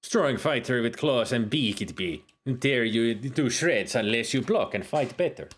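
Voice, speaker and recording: A man's voice: medium pitch, lively intonation, unhurried, breathy edge. A man voicing a proud spear-fighting warrior woman in broken English with a wandering put-on accent. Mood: warning. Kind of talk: reading game dialogue aloud in character.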